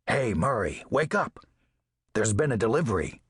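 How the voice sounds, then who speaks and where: A thin, wary stray tomcat, as a man puts him on, pitched a little higher and quick with urgency. His voice is husky and dry, slipping into a hiss when alarmed. He comes across as sharp and watchful, a storybook street cat. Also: sing-song, dry recording, heavily acted. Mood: urgent. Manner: alert, urgent, hissing.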